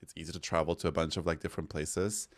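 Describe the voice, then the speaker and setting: A man from Europe chatting casually while gaming, telling stories in a campy, animated way with swearing. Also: low voice, fast talker. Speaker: streamer.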